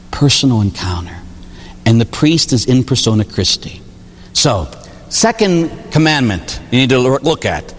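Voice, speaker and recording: A man who is a Catholic priest, preaching a sermon in a church with jokes and rhetorical questions. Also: a little high. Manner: animated, joking, full of rhetorical questions. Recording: long reverb of a large hall.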